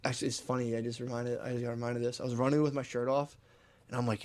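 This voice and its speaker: Fast-talking man telling rambling stories. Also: mid-range voice, little pitch movement, a little mellow. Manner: rambling storyteller, acts out his own quotes. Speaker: podcast co-host. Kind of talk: casual podcast chat.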